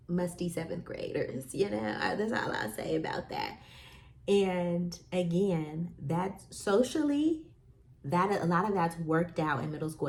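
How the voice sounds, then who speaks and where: Chatty woman host, low-pitched. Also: creaky, darkish tone. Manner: chatty, storytelling with lots of fillers and acted quotes. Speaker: podcast host. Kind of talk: casual talk to parents.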